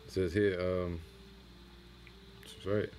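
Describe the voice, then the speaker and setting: Here the speaker is a man teaching at a religious camp, his voice very deep and darkish, his delivery flat. During an off-the-cuff scripture lesson he reads verses with slow deliberation, then shifts into casual, slangy remarks over a faint background hiss.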